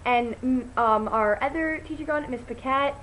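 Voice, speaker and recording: Speaking at a moderate pace, a teen girl rambles through a story for her vlog, stumbling over ums and restarts and jumping into high, excited voices when quoting people. Her chatty, casual telling comes through on poor audio with slight hiss or hum.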